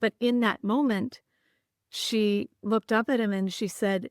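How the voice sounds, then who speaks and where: A woman's voice: medium pitch, steady tone, unhurried, dry recording, clean studio sound. A woman, a podcast guest earnestly recounting stories with frequent restarts. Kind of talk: conversational storytelling.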